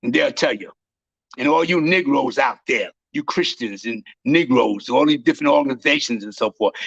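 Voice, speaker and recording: A man preaching with fierce emphasis, repeating himself and bursting into shouts, on a dull lo-fi recording. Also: mid-range voice, moderate pace, creaky, husky, no echo. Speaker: self-styled high priest preacher. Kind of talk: fiery street-style preaching.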